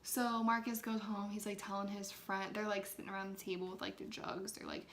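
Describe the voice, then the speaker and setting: Young woman, mid pitch, loose casual chat, lots of "like", soft whispers now and then. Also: level tone, fairly quick, a little hiss or hum. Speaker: ASMR creator talking to viewers. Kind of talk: casual chat, retelling a film.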